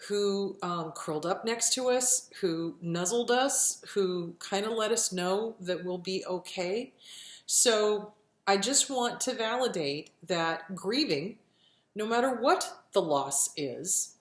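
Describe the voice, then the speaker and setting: A woman therapist speaks straight to the camera in a blunt, emphatic way, swearing freely and sounding close to tears. Her voice sits at an ordinary middle pitch and rings around an echoey room. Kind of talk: casual advice vlog to camera.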